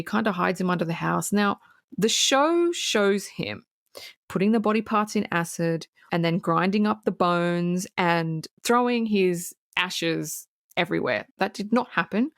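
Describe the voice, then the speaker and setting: Woman podcaster w a lowish voice, chatty and sweary, dry close sound. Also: no echo. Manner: chatty, swears freely, blunt asides. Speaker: podcast co-host. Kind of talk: casual true-crime recap.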